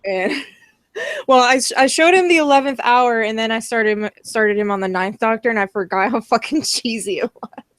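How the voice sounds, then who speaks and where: Excitable, swearing woman on a game stream. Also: fairly high pitch, normal speed, no room sound. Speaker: player. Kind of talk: casual game-stream chat.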